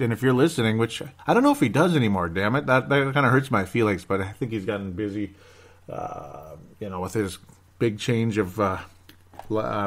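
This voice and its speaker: A man hosting a sports podcast, rambling through results with sarcasm and mock despair. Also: lowish voice. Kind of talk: casual sports commentary.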